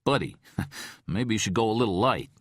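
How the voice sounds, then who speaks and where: A man's voice: on the low side, animated, normal speed, no echo, clean studio sound, pitched above the performer's own voice. A man voicing a placating, easygoing male police detective in an audiobook.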